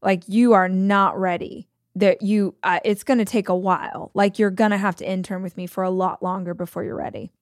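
A woman's voice: medium pitch, steady tone, normal speed, hardly any pauses, dry recording, clean studio sound, lightly acted. A woman putting on the voice of a condescending wedding planner, mock-sweet and patronizing. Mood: dismissive.

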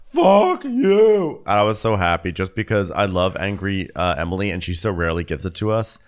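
A man co-hosting a comedic TV recap podcast, telling the story in an animated way with lots of laughter. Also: sits low, fast. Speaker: podcast co-host.

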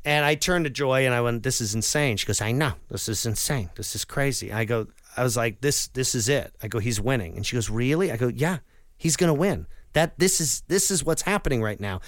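A man's voice: mid-range voice, a little fast, no room sound, studio quality. A comedian recounting a live television appearance in a casual interview, acting out the voices of people he quotes. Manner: animated storyteller who acts out quoted voices. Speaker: comedian and impressionist.

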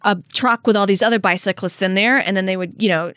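A young woman co-hosting a podcast in casual chat, animated and sarcastic, quick to laugh. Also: mid-range voice, no room sound, studio quality. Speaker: podcast co-host.

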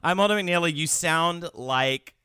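A man's voice: a little high, a little slow, sharp tone, clean tone, no echo, clean studio sound. A man co-hosting a podcast from his apartment, teasing and joking in casual chat. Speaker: podcast co-host.

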